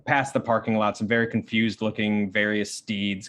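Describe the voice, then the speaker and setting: A man, as game master, narrating the close of a tabletop game slowly and deliberately. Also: lowish voice, little pitch movement. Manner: slow, deliberate, hushed narration.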